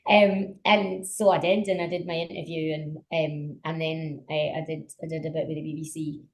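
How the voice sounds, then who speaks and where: A woman talking as a guest on a podcast. She tells stories in an animated way and uses a lot of fillers. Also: low-pitched, moderate pace, slight background noise, poor audio. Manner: animated storyteller, many fillers. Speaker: politician guest. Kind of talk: casual conversation.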